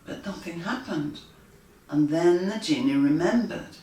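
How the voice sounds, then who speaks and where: Reading her picture book to children, a woman from the United Kingdom speaks slowly and with animation, adding character voices and lively animal and machine noises. Her fairly low voice is recorded off-mic from a distance in an echoey room, with slight background noise.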